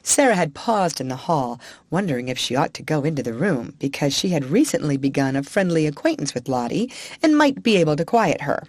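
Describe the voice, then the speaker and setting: A woman narrating a classic children's storybook in an expressive, animated reading. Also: low voice, a little fast, no echo. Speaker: audiobook narrator.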